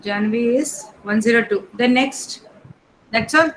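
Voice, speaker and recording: High-voiced woman teacher calling roll. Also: a little hiss or hum, poor audio. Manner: reads names one by one in a brisk, matter-of-fact way. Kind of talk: taking roll call in an online class.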